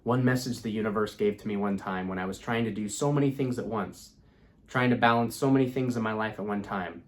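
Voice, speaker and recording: Young male host, low-ish pitch, easygoing and repetitive, casual spiritual teaching. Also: a little fast. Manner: relaxed, repeats himself, many "you know" fillers. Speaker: law of attraction channel host.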